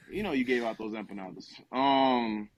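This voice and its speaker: A man's voice: mid-range voice, normal speed, slight background noise. A young man from New Jersey, a podcast co-host, telling a rambling, profane comic story with lots of quoted dialogue. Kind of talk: casual comedic storytelling.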